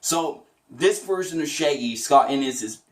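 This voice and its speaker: A man's voice: a little high, expressive, takes it slowly. Chatty man in a roomy room. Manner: chatty, enthusiastic, rambling. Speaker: voice impression tutor. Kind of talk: casual spoken tutorial.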